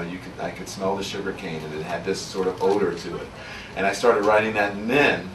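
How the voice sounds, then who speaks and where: A man's voice: low voice, noisy background. A man from Louisiana, an author speaking candidly to an audience at a book signing, telling his story in an earnest, reflective way. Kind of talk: candid personal talk to an audience. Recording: roomy sound from far off, faint ambience.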